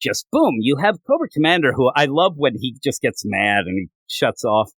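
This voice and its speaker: Animated man chatting about comics. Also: mid-range voice, no echo. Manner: animated retelling, slipping into quick character voices. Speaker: comic book podcast host. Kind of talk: casual comic review chat.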